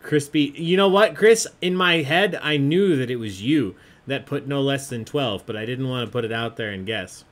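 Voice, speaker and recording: A man's voice: mid-range voice, normal speed. A man hosting an online trivia game, chatty and jokey, often laughing as he reads out answers. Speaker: trivia host.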